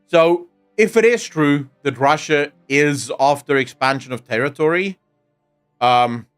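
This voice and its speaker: A man's voice: fairly high pitch, a little slow, a bit bright, clean tone, faint music behind. A young man with a South African accent, chatting casually and crudely on a live stream, joking and swearing as he reacts to chat. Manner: sardonic, joking, frequent laughter and swearing.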